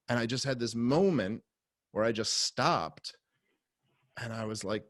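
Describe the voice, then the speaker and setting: A man, a podcast guest, telling a story in a casual conversation with lots of swearing and fillers, now and then rising to loud, heated outbursts. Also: mid-range voice, a little slow, long pauses, no echo, studio quality.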